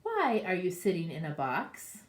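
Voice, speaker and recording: A woman reading the lines of a puzzled parent who questions a child in a storybook, slow and asking. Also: on the low side, huge pitch swings, reverberant, slight background noise.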